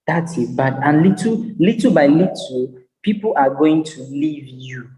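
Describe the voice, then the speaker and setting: A man's voice: a little high, unhurried, mellow. Emphatic man in a reverberant hall. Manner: emphatic and repetitive, preacher-like cadence. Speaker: business psychologist and speaker. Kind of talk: motivational lecture.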